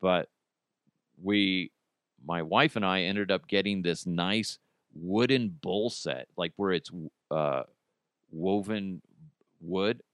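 A man's voice: low-pitched, slow, pauses often, fairly bright tone, clear, resonant tone, no room sound, studio quality. A middle-aged man hosting a podcast in casual chat, rambling and joking, swearing freely and laughing often. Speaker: podcast host.

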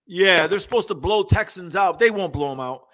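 A man co-hosting a casual sports talk show, ranting in an animated way and mocking what others said. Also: high voice, moderate pace. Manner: animated, ranting, mocks quotes.

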